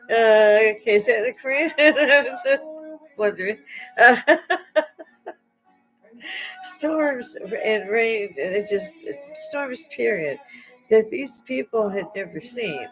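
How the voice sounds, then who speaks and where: A middle-aged vlogger with a somewhat high, slightly bright voice chats casually and rambles to viewers on her own channel. She's hurting and near tears, yet keeps laughing and making wry, irreverent jokes. The recording quality is low.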